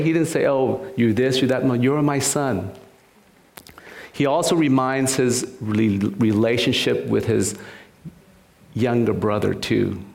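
Gravelly man preaching in an echoey room. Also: medium pitch, a little mellow. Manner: earnest, repeats words, acts out quoted voices. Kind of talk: sermon.

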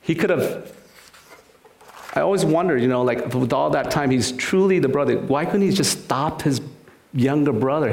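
A man's voice: a little high, normal speed, creaky, a little mellow, echoey room. A man giving a sermon in an earnest way, often repeating words and acting out what people in the story say. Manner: earnest, repeats words, acts out quoted voices. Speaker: preacher.

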